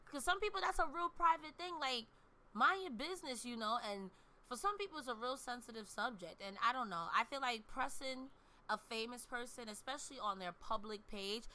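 A woman in casual talk, making measured, emphatic points. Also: a little high, animated, sharp tone. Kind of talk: casual chat.

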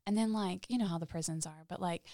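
A woman guest telling personal stories in an interview, halting and heartfelt, with frequent restarts. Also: lowish voice, mellow, dry recording, clean studio sound. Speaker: podcast guest. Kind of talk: candid interview storytelling.

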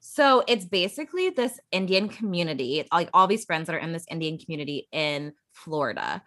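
A young woman in her twenties with a slightly low voice gossips casually, as a podcast co-host chatting about reality TV. She swears freely. The recording is dry and close. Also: animated, a little fast, a bit bright, no room sound. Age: 20s or early 30s. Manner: gossipy, mimics people, swears.

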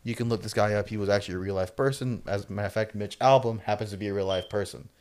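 A man's voice: on the low side, fairly even intonation, very fast, a little mellow. A man co-hosting a podcast, chatting casually and rambling through his explanations. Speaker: podcast co-host. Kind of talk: casual chat about acting.

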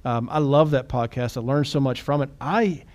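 A male podcast host in relaxed conversation. He talks quickly and eagerly, with frequent restarts and repeated words. His voice sits at an ordinary middle pitch. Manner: animated and quick. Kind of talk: casual podcast chat.

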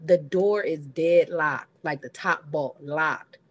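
A woman co-hosting a podcast, retelling a reality show in casual chat, blunt and animated with cursing. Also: deep voice, takes it slowly, no room sound. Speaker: podcast co-host.

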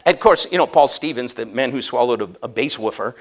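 A man's voice: mid-range voice, fast talker. A man preaching a humorous sermon, telling a story with jokes and frequent laughter. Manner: animated, joking, laughs often.

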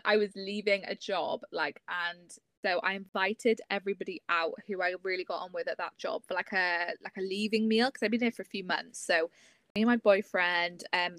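Relaxed young woman chatting on a podcast. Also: medium pitch, no echo. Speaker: podcast co-host. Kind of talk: casual chat.

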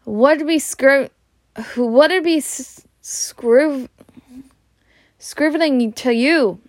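A woman's voice: high-pitched, extremely slow, dry recording, pitched above the performer's own voice. A woman voicing a determined young boy who insists on getting his letter. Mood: insistent.

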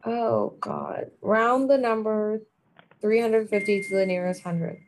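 A woman's voice: medium pitch, slow, darkish tone, a little hiss or hum, low-quality recording. A woman co-hosting a casual quiz chat, playful and teasing, boasting about her answers. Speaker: co-host.

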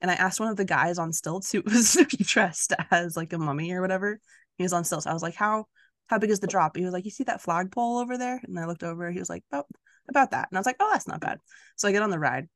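A woman's voice: fairly low pitch, fast, a bit bright, no echo, clean studio sound. A woman co-hosting a podcast, chatting casually about a book, rambling and laughing often. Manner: giggly, rambling storyteller. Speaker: podcast co-host.

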